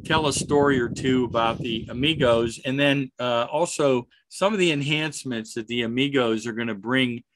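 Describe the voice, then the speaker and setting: A man hosting a video call, introducing a guest with a halting delivery and many fillers. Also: mid-range voice, a bit bright, slight background noise, low-quality recording. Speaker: host of the society call.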